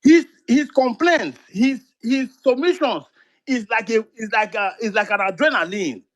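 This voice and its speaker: A man's voice: very high-pitched, moderate pace. A Nigerian man with a Nigerian accent giving impassioned political talk on a live audio chat, repeating himself and pleading. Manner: repetitive, pleading, mixes in pidgin.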